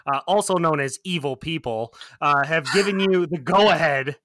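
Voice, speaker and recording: A man's voice: a little high, normal speed, a bit bright, no room sound. A man hosting a film podcast, teasing his guests in casual joking chat. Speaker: podcast host.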